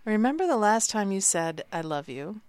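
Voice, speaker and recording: A woman's voice: mid-range voice, sing-song, moderate pace, no echo. A woman co-hosting a podcast, speaking in a tentative, musing way. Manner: tentative, musing, with soft exclamations. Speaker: podcast co-host. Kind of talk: conversational podcast talk.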